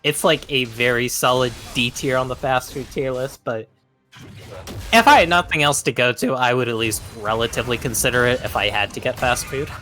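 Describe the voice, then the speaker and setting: A man's voice: mid-range voice, a little fast, pushed and bright, soft background music. A young American man doing esports color commentary, chatty and enthusiastic with lots of fillers. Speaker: esports caster. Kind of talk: color commentary and casual chat.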